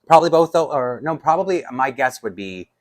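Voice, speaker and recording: A man's voice: medium pitch, lively intonation, brisk. A man, chatting casually to camera as a doll collector, rambling with many restarts and light laughs. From Canada.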